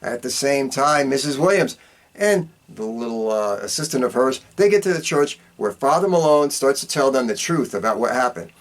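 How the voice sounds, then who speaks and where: A man of middle pitch tells a film's plot as a casual podcast host. His delivery is animated, jumping high and dropping low for effect. He swears freely and leans on a stock catchphrase. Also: normal speed. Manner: animated storytelling with big pitch swings; profane, repeats a catchphrase. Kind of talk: casual movie recap.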